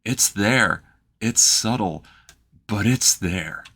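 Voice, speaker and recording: A man from Canada talks through a reaction video in a casual, explanatory way. His voice sits fairly low yet has a bright, forward edge. He lays out each point patiently and carefully. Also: slow, gravelly.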